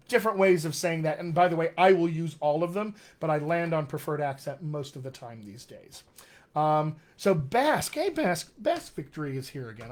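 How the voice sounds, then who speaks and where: Brief cheerful male dialect coach, slightly higher voice, live-stream teaching. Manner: upbeat, chatty, encouraging. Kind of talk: live-stream accent lesson reading comments.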